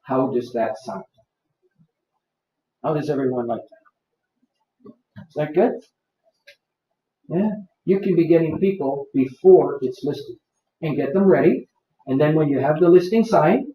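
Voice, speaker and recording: High-voiced male seminar presenter, coaxing, repeats key points, recorded far off in a roomy space. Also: moderate pace, slight background noise. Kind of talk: live workshop lecture. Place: office seminar room. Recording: roomy, distant, dull lo-fi.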